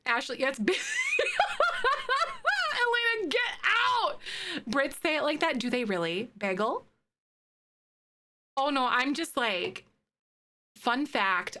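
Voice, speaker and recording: A woman's voice: on the high side, sharp tone. A woman from Wisconsin with a Midwestern accent, chatting casually with her viewers on a live stream and laughing often. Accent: Midwestern American (Wisconsin). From northern Wisconsin, US. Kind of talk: casual live-stream chat while building.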